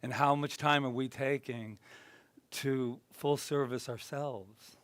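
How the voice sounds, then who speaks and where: A male minister giving a conversational sermon, animated and self-deprecating, then dropping to a soft, reflective tone. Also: mid-range voice, takes it slowly, no room sound. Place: spiritual center gathering.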